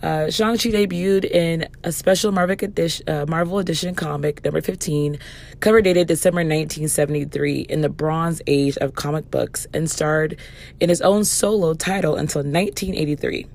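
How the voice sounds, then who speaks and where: A woman hosting a podcast movie review, hoarse from losing her voice, chatting casually. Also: low voice, normal speed, a little mellow. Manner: chatty, with fillers and restarts. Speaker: podcast host.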